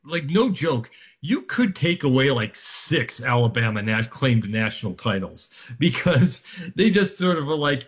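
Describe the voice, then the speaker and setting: A man co-hosting a sports radio show, talking in an animated, exasperated way with lots of fillers. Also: medium pitch, measured pace. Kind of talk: casual sports talk.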